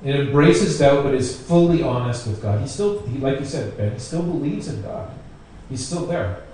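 In a mellow, expressive voice of medium pitch and normal speed, a pastor talks through his sermon conversationally and repeats phrases for emphasis. The recording is very echoey, captured by a distant mic with a little faint noise.

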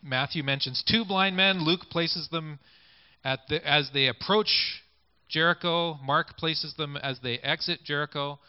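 Man, preacher, conversational sermon, fairly high voice, muffled lo-fi recording. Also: unhurried, clean tone, no echo. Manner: conversational, invites listeners to picture scenes. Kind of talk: sermon with scripture reading. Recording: dull lo-fi recording.

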